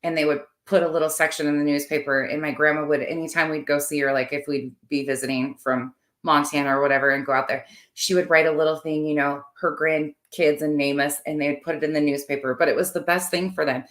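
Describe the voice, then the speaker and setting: Woman, 30s, low voice, rambling livestream host chatting with viewers. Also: flat delivery, fast, a bit bright. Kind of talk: casual livestream chat.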